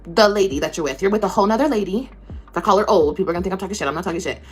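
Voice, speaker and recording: A woman's voice: medium pitch, racing, slightly rough. A woman social media creator ranting to camera, confrontational, sarcastic and profane.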